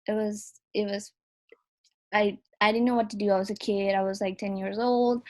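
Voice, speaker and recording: A woman's voice: mid-range voice, little pitch movement, normal speed. A young woman on a video call, sounding sleepy and speaking hesitantly with many fillers. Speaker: participant. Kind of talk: casual video call chat.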